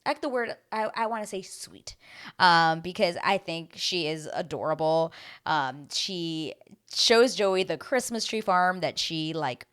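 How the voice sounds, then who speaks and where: A young woman with a low voice talks through a reality show recap in a loose, rambling way. Her speech is full of "like" and "um", and she stops to hunt for words. It sounds like casual commentary from a video host. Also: animated, unhurried, a bit bright, clean tone. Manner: chatty, rambling, many fillers like "like" and "um".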